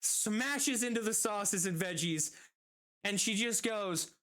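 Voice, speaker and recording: A streamer with a medium-pitched, fairly bright voice speaks slowly as he casually tells a story from work. He swears, laughs at his own tale, and acts out the customers and bosses he quotes.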